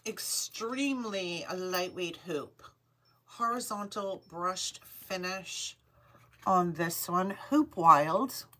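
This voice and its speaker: A woman's voice: fairly low pitch, animated, slow, sharp tone. A woman hosting a live online jewelry sale, chatting upbeat and calling out item numbers. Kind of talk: live shopping stream chat.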